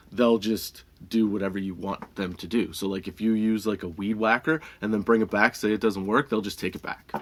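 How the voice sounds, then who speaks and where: A man's voice: mid-range voice, fairly bright tone. A male podcast host telling a comic story, swearing freely and laughing between lines.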